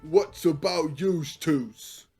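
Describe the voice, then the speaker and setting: A man voicing a boastful male ogre gate guard who talks in gruff slang during a tabletop game. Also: a little high, extremely slow, warm tone, faint music behind, exaggerated voice.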